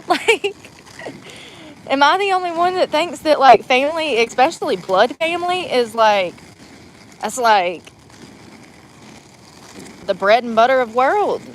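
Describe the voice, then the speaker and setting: A woman's voice: sits high, slight background noise, low-quality recording. A woman in her forties chatting casually while driving, rambling and laughing through her words. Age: 40s. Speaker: vlogger. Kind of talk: casual chat.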